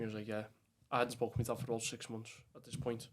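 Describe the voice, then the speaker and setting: A man's voice: lowish voice, completely flat delivery, rapid-fire. A young man with a Liverpool Scouse accent, talking as a podcast guest in a rambling, casual way with lots of fillers and swearing. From England. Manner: rambling, heavy with fillers and swearing, says "lad" often. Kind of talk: casual chat.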